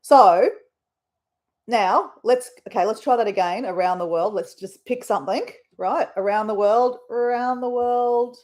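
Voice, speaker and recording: A woman's voice: mid-range voice, unhurried, darkish tone. An Australian woman hosting a casual live stream, chatting in a rambling way with her viewers. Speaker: livestream host.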